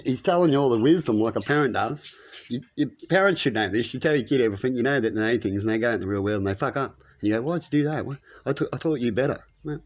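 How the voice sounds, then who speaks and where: Rambling preachy man. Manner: animated, preachy, rises in pitch when making points. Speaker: spiritual commentator. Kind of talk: rambling spiritual monologue.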